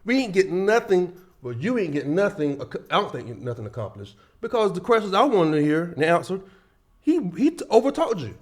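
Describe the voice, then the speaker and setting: A man's voice: sits high, very animated, brisk. A man on a live talk show, ranting heatedly about being angry and laughing through it. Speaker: show regular, co-host friend.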